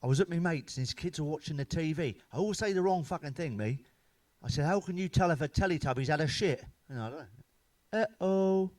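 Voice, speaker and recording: Crude, sweary British comedian. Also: male voice, a little high, quick pace, darkish tone, dry recording. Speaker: stand-up comedian. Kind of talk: deadpan joke-telling monologue.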